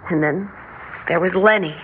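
An actress playing a tender young mother, speaking softly and from the heart in 1940s radio style. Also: on the low side, moderate pace, natural voice. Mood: heartfelt. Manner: soft, heartfelt. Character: young mother torn between two brothers, tender. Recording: tinny old radio broadcast with faint hiss.

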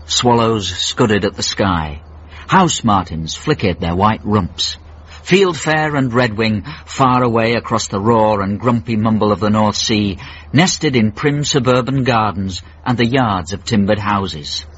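A man narrates a radio drama in a dry, wry storytelling manner. His voice is low and husky, and the broadcast recording sounds slightly dull. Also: a little slow, a bit bright. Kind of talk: scripted narration.

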